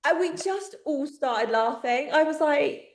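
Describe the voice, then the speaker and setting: With a high voice and lively intonation at a measured pace, this English podcast co-host chats casually and tells stories, laughing frequently. The recording sounds roomy, with slight background noise.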